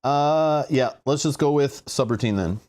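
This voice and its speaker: A man streaming a live solo board game playthrough, thinking aloud, reading rules and chatting excitably with his viewers. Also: medium pitch, a little slow.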